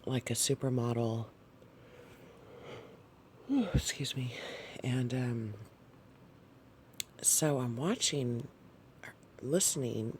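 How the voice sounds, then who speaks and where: A man shares a dream with his audience at an unhurried pace, pausing often on fillers and apologizing as he goes. His voice has a gravelly texture, and his delivery stays soft and hesitant. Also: medium pitch, a little hiss or hum. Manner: halting, soft-spoken, frequent fillers and apologies. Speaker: channel host sharing a dream. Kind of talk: casual spoken dream recounting.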